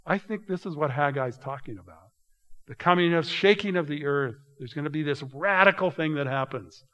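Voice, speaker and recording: A man preaching a sermon to a congregation, reading scripture aloud, calling them "you guys", and swinging between quiet, drawn-out asides and loud, emphatic passages. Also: a little high, lo-fi sound. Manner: addresses the congregation directly, often saying "you guys". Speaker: pastor.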